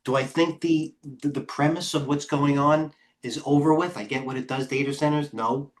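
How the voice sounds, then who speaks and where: A man's voice: a little high, steady tone, moderate pace. A middle-aged man, a head trader, giving blunt, rambling live commentary on stocks, often breaking off mid-sentence. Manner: blunt, rambling, self-interrupting market talk. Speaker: head trader and market coach. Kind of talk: live trading stream commentary.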